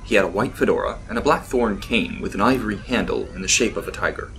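A man's voice: fairly low pitch, quick pace, a bit bright, a little hiss or hum. A man narrating a scripted audiobook story in a descriptive manner.

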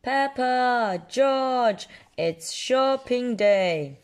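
A kind, bright mother pig from a storybook, as a woman puts her on speaks softly and reassuringly. Her voice is slow and warmly lilting, lifting high on key words. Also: big pitch swings, heavy background noise. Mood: gentle. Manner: gentle, reassuring.

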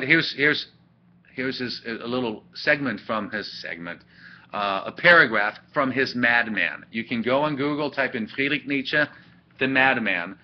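A man teaching an ethics class in a chatty, animated way, with asides and laughs, recorded on a webcam. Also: medium pitch, slight background noise. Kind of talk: classroom lecture. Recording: dull lo-fi webcam audio.

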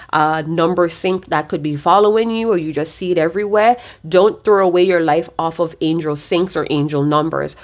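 A woman talks through a tarot reading in a loose, conversational way, addressing her viewers directly. Her voice sits a little low, and she is blunt, swears freely, and wanders into rambling asides. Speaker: tarot reader.

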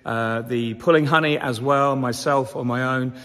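Middle-aged guy chatting about his bees, kinda hoarse, talks at a normal pitch, room has a long ringing echo. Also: steady tone, moderate pace, fairly bright tone. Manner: chatty, upbeat, rambling with fillers. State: sore throat. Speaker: commercial beekeeper and channel host. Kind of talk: casual vlog chat. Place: honey house in France. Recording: long reverb.

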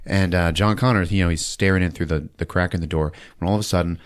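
Smooth, low-pitched, and quick, a man hosting a podcast recaps a movie with profanity and laughter. He's an animated, comic storyteller.

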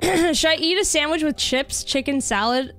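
A woman's voice: high voice, normal speed, fairly bright tone, soft background music. Chatty Canadian woman streamer. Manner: chatty, reads chat aloud, laughs easily. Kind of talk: casual chat while gaming.

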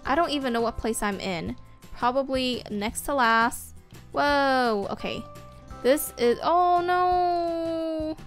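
High-voiced excitable woman gaming. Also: measured pace. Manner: excitable, frequent squeals and whoops. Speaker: gaming video host. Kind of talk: casual game commentary. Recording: faint game music behind.

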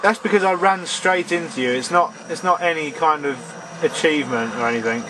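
A man's voice: on the high side, brisk, noisy background. A young man doing gameplay commentary, grumbling in exasperation and scolding the enemies on screen. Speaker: let's play gamer.

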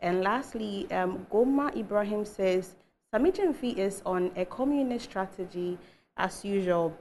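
A woman with a Ghanaian English accent reading viewer text messages on air, steady with soft hesitations. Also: mid-range voice, measured pace, slight background noise.

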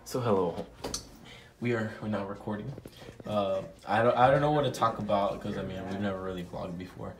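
A man's voice: on the low side, brisk. A teenage boy holds his phone and vlogs casually from a clothing store. He rambles, trips over his words and laughs a lot. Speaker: vlog host. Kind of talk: casual chat.

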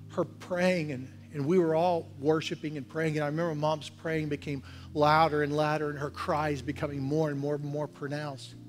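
A man preaching a sermon as pastor in a church, talking earnestly and conversationally, building to forceful exhortation. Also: fairly high pitch, slight background noise. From Oklahoma, USA. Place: church sanctuary.

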